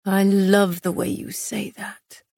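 A woman reading an audiobook and voicing a tender, teasing male lover in a low, hushed, gruff tone. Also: level tone, slow, dry recording, clean studio sound. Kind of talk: audiobook narration.

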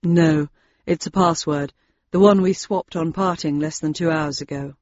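A woman's voice: low-pitched, steady tone, a little mellow, dry recording, lo-fi sound, voice pushed down. A woman reading as a dry, sarcastic husband. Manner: cool, measured and threatening. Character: dry, wary middle-aged male husband, sarcastic.

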